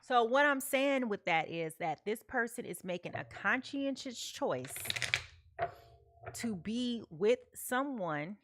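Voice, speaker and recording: A woman's voice: on the high side, animated, slow pace, fairly bright tone, a little hiss or hum. A woman giving a live tarot reading, chatty, often checking in with "okay?" and talking to her viewers. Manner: chatty, repeats "okay?" often, talks to chat. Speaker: tarot reader.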